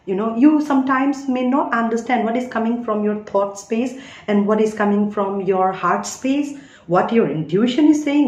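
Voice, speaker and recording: A woman's voice: mid-range voice, darkish tone. Earnest preachy woman in echoey room. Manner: earnest, preachy, asks listeners if they follow. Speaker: spiritual reader. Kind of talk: spiritual teaching talk.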